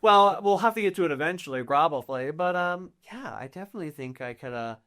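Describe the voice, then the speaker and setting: A smooth, scheming noblewoman who gushes and flatters as she bargains for favors, put on by a man running the game. She sweet-talks every offer, leaning in with a knowing, chatty lilt. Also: a little high, fairly quick, voice pushed up. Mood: gushing. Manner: flirty, gushing, scheming. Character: sly flattering noblewoman of the court.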